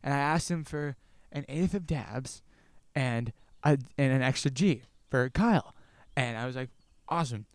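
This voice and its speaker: A young man telling a rambling story in a casual outdoor podcast chat, getting animated and cursing as he goes. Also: medium pitch, moderate pace, no echo. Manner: rambling, animated, swears when worked up. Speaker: podcast guest.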